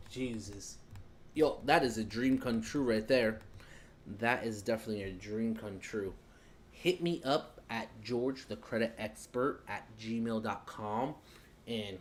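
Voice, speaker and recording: A man's voice: fairly low pitch, measured pace, slight background noise. A man giving a casual live-stream lesson on credit, chatting loosely and talking while he fumbles with his screen.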